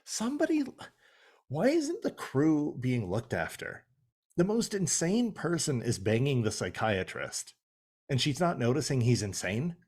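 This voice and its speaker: A man's voice: medium pitch, very animated, a little slow, a little mellow, breathy edge. A young man co-hosting a podcast, recapping a TV episode in casual chat, swearing and acting out the characters' lines. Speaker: podcast co-host.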